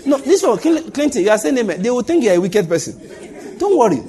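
A man's voice: extremely high pitch, very animated, fast talker, mellow, a faint crowd. A man preaching a sermon as pastor, emphatic, repeating key lines and dropping joking asides.

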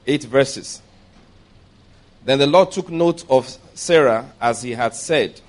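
A man preaching a sermon, reading scripture aloud and stressing his points with repetition and questions to the congregation. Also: mid-range voice. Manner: emphatic, repeats key points, asks the congregation if they follow.

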